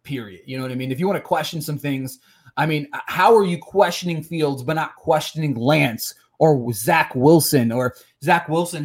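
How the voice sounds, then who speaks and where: A man hosting a casual sports podcast, heated and frustrated, often repeating words and restarting his sentences. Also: mid-range voice. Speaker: podcast host.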